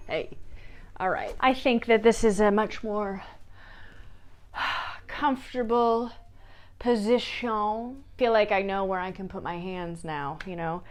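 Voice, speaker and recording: Woman casually chatting through a book haul, playful, jokey asides, middle pitch. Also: takes it slowly, long pauses. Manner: playful, jokey asides while showing books. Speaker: book vlogger. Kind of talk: casual chat.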